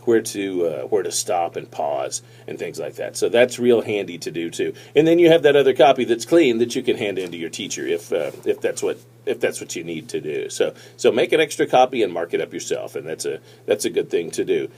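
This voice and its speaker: A man giving casual tips on presenting, talking to a tablet camera in a relaxed, rambling way with many fillers and restarts. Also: sits low, fairly quick, hardly any pauses, slightly rough. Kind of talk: casual instructional talk to camera. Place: seated, recording on a tablet. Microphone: tablet's built-in mic.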